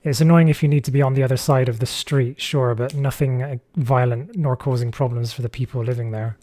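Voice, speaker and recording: A man hosts a gaming livestream and chats with a co-player and his viewers. His talk is relaxed and full of fillers. The sound is close and dry. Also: medium pitch, brisk, no room sound. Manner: relaxed, chatty, reads chat aloud, frequent fillers. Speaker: streamer host. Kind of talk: casual gaming livestream chat.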